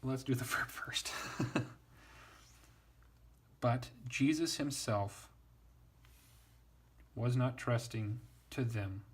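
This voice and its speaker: Husky man teaching Latin casually. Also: medium pitch, a little mellow. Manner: wry, self-deprecating, works through ideas aloud. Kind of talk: casual spoken lesson, thinking aloud.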